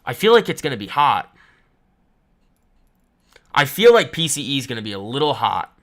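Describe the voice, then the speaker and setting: Bright-voiced man chatting through trading. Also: medium pitch, sing-song, normal speed. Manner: chatty and boastful, lots of fillers. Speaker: trading livestream host. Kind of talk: casual live market commentary, answering chat. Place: home room.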